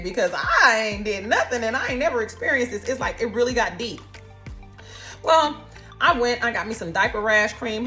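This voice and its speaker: A woman, telling her own cancer story in a casual, expressive, folksy way. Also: mid-range voice. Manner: animated, expressive, folksy, calls listeners honey.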